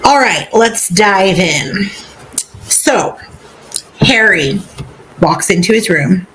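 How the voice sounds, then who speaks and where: Slow, chatty woman podcast host. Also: medium pitch, animated, a bit bright, a little hiss or hum, low-quality recording. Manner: chatty, slow, playful retelling. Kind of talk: casual chapter recap.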